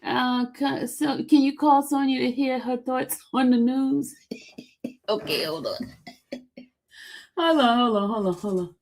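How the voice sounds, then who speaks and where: A woman's voice: high voice, slow pace, gravelly, pauses often, a little mellow. A woman hosting a casual live stream, teasing her chat and laughing often. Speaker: livestream host.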